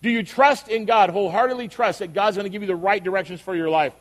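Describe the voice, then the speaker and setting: A man's voice: high-pitched, quick pace. An older man, a pastor, preaching a sermon in a conversational storytelling way that builds to emphatic questions. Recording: long reverb of a hall.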